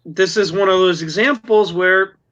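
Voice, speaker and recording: A man hosting a casual livestream chat, telling stories in an animated way and laughing often. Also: high voice, normal speed, highs cut off. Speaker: livestream host.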